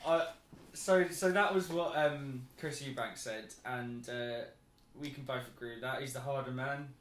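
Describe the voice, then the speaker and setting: A man's voice: mid-range voice, moderate pace, a bit bright. A man, casually rambling and ad-libbing as a podcast co-host. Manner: easygoing, rambling, ad-libbing stories. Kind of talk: casual chat. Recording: roomy, distant mic with faint noise.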